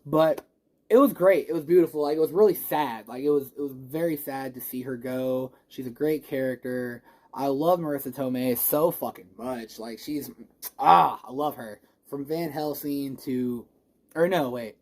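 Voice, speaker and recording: Rambling, excitable movie reviewer. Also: mid-range voice, normal speed. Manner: rambling, gushing, swears a lot; excitable, emotional, restarts often. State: a little stoned. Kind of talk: casual spoiler review vlog.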